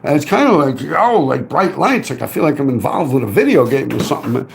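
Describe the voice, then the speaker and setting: Animated New man ranting casually. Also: medium pitch, brisk, gravelly, slight background noise. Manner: animated, profane, street slang, keeps adding "man". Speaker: live-stream host. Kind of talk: casual live-stream storytelling.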